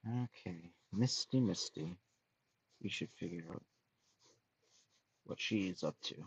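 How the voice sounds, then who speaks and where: A man chatting casually on a drawing stream, musing aloud softly as he sketches. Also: low-pitched, slow, gravelly, slightly rough, highs cut off. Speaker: streamer and artist. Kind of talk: casual chat while drawing.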